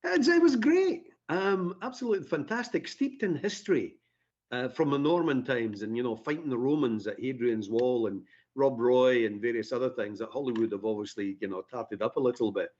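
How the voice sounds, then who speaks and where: A Scottish man with a Scottish accent, guesting on a radio interview, tells stories packed with fillers and dry, self-deprecating jokes. His mid-range voice is a little mellow and fairly quick, and the audio sounds dull.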